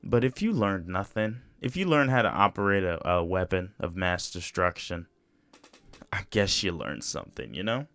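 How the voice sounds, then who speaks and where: A man's voice: deep voice, expressive, normal speed, fairly bright tone, no room sound, soft background music. A young man hosting a solo podcast, talking casually in a rambling, profane way with lots of "you know" and restarts. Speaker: podcast host.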